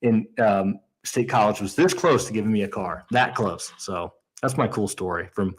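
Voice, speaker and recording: A man's voice: lowish voice, moderate pace, slightly rough, low-quality recording. A man in his thirties from Indiana, co-hosting a casual chat and telling a story with lots of restarts and quoted asides. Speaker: podcast co-host.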